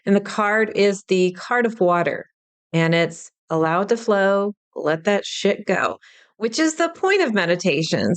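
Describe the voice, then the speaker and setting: A woman hosting a solo spiritual podcast, talking straight to the listener in a chatty, reassuring way. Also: mid-range voice. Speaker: podcast host, spiritual teacher. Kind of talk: casual solo podcast talk.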